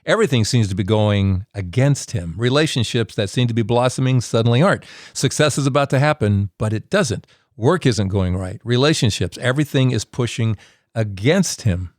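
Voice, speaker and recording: A male host narrating a guest's story in a measured way and putting questions to him. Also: medium pitch, animated, no room sound. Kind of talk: scripted narration and interviewing. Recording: dry, close sound.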